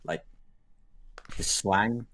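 A man's voice: extremely slow, fairly bright tone. A young man from England, a guest in a casual chat, easygoing and using street slang.

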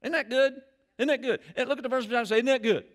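A man preaching a sermon as pastor in a church, animated and rising loud on key phrases. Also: very high voice, rapid-fire. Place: church sanctuary.

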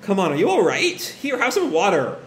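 A man's voice: high-pitched, wildly swooping pitch, brisk, fairly bright tone, voice pushed up, full character voice. Man doing a snappy spoiled young woman. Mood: indignant. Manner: snapping, indignant. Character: sharp-tongued young woman, spoiled daughter. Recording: echoey room, faint hiss.

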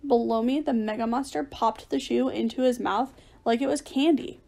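Lady reading a kids' monster story out loud, fairly high voice, gets lively on the shouty bits. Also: normal speed, gravelly, few pauses. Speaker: audiobook reader. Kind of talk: storybook narration.

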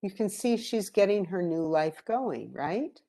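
A woman giving an educational presentation on grief, calm and gentle, explaining through stories. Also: mid-range voice, unhurried.

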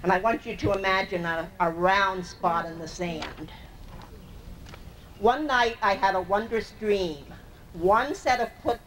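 A woman reciting a humorous poem to an audience in a measured, deliberate way. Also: medium pitch. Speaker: storyteller. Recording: distant mic with faint noise.

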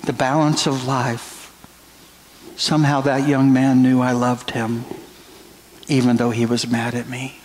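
Middle-aged male pastor, earnest sermon delivery, very slow and deliberate, faint background noise. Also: mid-range voice, level tone, darkish tone, low-quality recording. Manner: slow, earnest preaching with drawn-out phrases. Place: church sanctuary.

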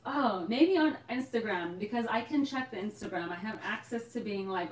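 A woman's voice: a little high, a little fast, few pauses. Bubbly woman hosting a live chat. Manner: bubbly, laughs often, exclaims "oh my gosh". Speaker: host of a live Q&A for a hair care shop. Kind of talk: casual live-stream chat. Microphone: phone. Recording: roomy, from a distance off the mic.

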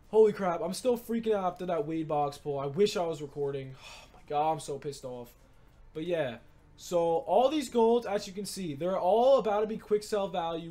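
A young man giving casual, excitable commentary on his gameplay, rambling and urging viewers to buy cards. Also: high voice. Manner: excitable, rambling, urgent market tips. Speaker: gaming YouTuber.

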